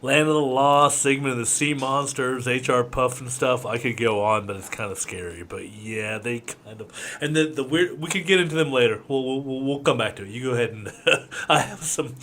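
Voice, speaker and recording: A man's voice: mid-range voice, brisk, fairly bright tone, a little hiss or hum. A man co-hosting a comedy podcast, rambling and laughing easily as he talks. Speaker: podcast co-host. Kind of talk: casual chat.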